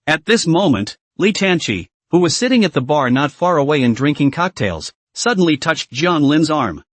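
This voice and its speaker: A man's voice: on the high side, expressive, normal speed, few pauses, no echo. A man narrating a comic story recap in a dramatic storytelling manner.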